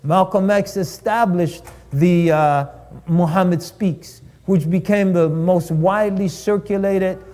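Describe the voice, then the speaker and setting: A man delivers a lecture in the cadence of a sermon, stacking up repeated phrases to drive each point home. His voice sits high for a man yet sounds mellow and soft-edged. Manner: rhetorical, repeats phrases for emphasis. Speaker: speaker at a live-streamed cultural event. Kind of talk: preaching lecture.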